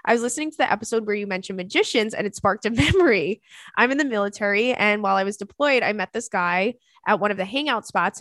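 A young woman comedian hosting a podcast, her voice sitting at an ordinary middle pitch. She chats casually and bawdily, breaking into laughter often. The sound is close and dry with no room echo. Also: a bit bright. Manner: bubbly, laughs often, crude jokey banter. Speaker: podcast host and stand-up comic. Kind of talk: casual podcast chat, reading listener emails.

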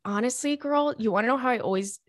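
A woman's voice: fairly high pitch, fast, no room sound. A woman hosting an advice podcast, reading a listener's email aloud and reacting in a playful, slangy, chatty way.

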